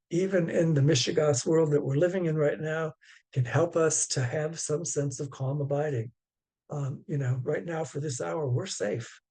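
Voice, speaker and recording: A man, a Zen teacher, giving a dharma talk over a video call in a gentle, unhurried way, halting often with fillers. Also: a little high, creaky, breathy edge.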